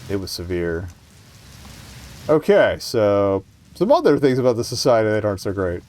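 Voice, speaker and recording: A man's voice: fairly low pitch, big pitch swings, normal speed, darkish tone, a little hiss or hum. A man streaming himself reading a visual novel aloud at home, breaking off for wry, casual comments. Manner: reacts wryly, swears, keeps voice down at night. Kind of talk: game narration with casual commentary. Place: home, night.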